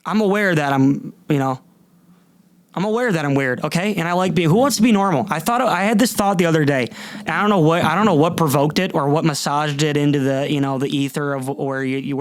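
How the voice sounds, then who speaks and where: Young guy rambling on his podcast, kinda high voice, goofy rants, super dry close mic. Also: dry recording. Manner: rambling, animated, mocks people in silly voices. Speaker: podcast host. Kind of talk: rambling comedic monologue. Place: warm room, downstairs.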